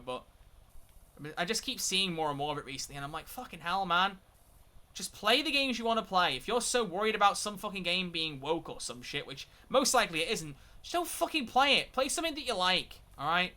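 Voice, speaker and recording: A young man talks through a live gaming stream with a bright, forceful voice pitched a little high. He rants freely, swears often and restarts his sentences as he goes. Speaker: game streamer.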